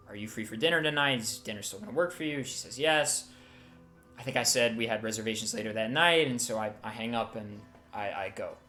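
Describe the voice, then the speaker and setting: A man's voice: mid-range voice, a bit bright, close to an everyday voice. Man playing a grieving man retelling his lost love, stumbling over words, roomy echo, faint music underneath. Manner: halting, emotional storytelling.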